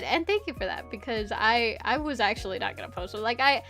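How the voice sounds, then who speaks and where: A high-pitched young woman chats her way through a casual live stream, giggling and swearing as she talks to her viewers. Faint music plays behind her. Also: expressive, fairly quick, fairly bright tone. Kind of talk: casual livestream chat.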